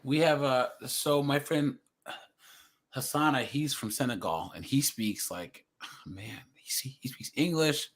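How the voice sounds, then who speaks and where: A man's voice: mid-range voice, slow. A man with a West Coast American accent hosting a livestream, chatting casually and animatedly, laughing and mimicking voices. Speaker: livestream host. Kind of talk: casual chat.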